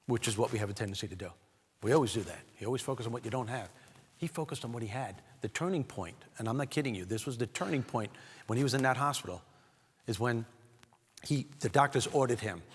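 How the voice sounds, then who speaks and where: A man giving a motivational keynote speech, animated and talking straight to the audience as he tells a story. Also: mid-range voice, husky. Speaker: keynote speaker. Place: large event hall. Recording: long hall reverb.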